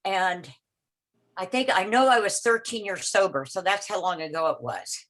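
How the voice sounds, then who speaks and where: An older woman on a video call unhurriedly recounts a memory, stumbling, restarting and repeating herself as she collects her thoughts, and putting on voices for anyone she quotes. She speaks at a medium pitch with a fairly bright tone over a rough recording.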